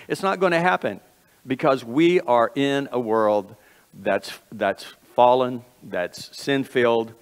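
Man preaching in a reverberant sanctuary. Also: a little high. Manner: earnest, folksy preaching with repeated phrases and self-corrections. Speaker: pastor. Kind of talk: sermon. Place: church sanctuary.

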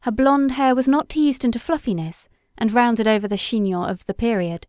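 A woman narrating a classic story in a measured, steady storytelling voice. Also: fairly high pitch, dry recording, studio quality. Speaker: audiobook reader. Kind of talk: scripted literary narration.

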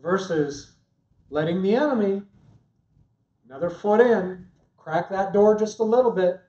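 A man co-teaching a church marriage class, analytical and halting, often restarting his sentences. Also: high-pitched, warm tone, reverberant, distant mic, highs cut off.

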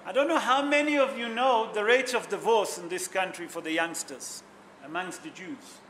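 A rabbi delivers a sermon in a high, bright voice, telling stories with feeling and putting questions to his audience. He speaks English as a non-native speaker, with simple grammar. A faint noise sits under the recording. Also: moderate pace. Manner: emotional storytelling, asks the audience questions.

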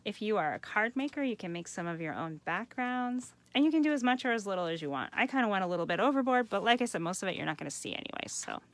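A woman hosts a live craft demonstration and chats eagerly to her viewers as she works. Her voice sits at a middle pitch and turns gravelly at the ends of phrases. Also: expressive, fast, hardly any pauses, a bit bright. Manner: chatty, enthusiastic, addresses viewers as you guys. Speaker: craft host. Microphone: home setup for a live stream.

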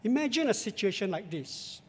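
Male Singaporean pastor, high voice, measured emphatic sermon in a church. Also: big pitch swings, slightly rough. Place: large church sanctuary. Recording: long church hall reverb.

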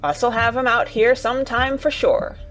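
A woman voicing a gentle, earnest farm boy in an audiobook reading, speaking in broad dialect over faint music. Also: on the high side, steady tone, a little slow, pitched above the performer's own voice. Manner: broad dialect, warm and coaxing.

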